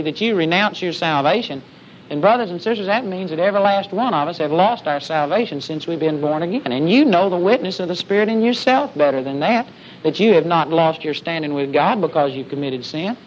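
A man's voice: high-pitched, expressive, brisk. A man preaching a sermon with emphasis, often calling out "amen?" to the congregation. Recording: dull lo-fi sermon recording with faint hiss.

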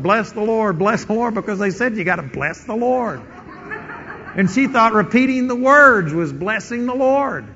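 A middle-aged man preaches with a high, bright voice, acting out prayers and stories with animated delivery. The sound is dull and carries a long hall reverb. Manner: animated storytelling with quoted prayers and chuckles. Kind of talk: sermon.

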